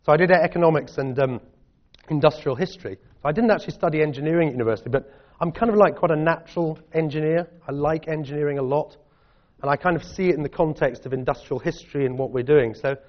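A middle-aged Scottish man answering audience questions in a chatty, self-deprecating way. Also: fairly high pitch. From Scotland. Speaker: guest speaker. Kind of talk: public talk and Q&A. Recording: dull lo-fi audio.

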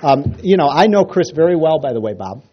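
A man's voice: fairly high pitch, a little fast, breathy edge, highs cut off. A man giving a casual, rambling political talk to a crowd, telling jokes and stories. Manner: rambling, animated storyteller with restarts.

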